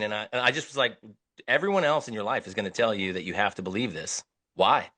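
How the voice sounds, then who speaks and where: A man's voice: fairly low pitch, fast talker. A man in his forties hosting a casual podcast, telling stories energetically and swearing now and then. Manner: energetic storyteller, swears, animated voices in retold dialogue. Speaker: podcast host.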